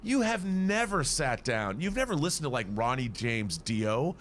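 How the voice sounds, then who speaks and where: A man's voice: mid-range voice, big pitch swings, moderate pace, fairly bright tone, a little hiss or hum. A man on a podcast giving an impassioned, exasperated rant about films, often repeating words as he gets worked up. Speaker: podcast host in a played clip.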